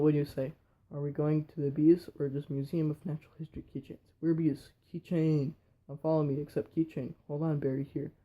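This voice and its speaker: A man reading a whole film script aloud in a quick, flat way with slips. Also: a little high. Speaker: reader.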